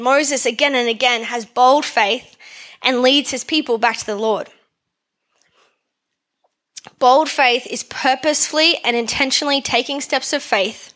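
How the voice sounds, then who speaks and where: A female preacher delivers her sermon in a relaxed, conversational way, her voice slightly high and fairly bright. She poses questions to the congregation and drives her points home by repeating phrases.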